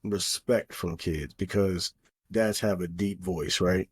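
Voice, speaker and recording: With a low, slightly breathy voice and fairly even intonation, a middle-aged man speaks slowly while co-hosting a podcast. He's earnest and opinionated in this casual chat, using lots of fillers.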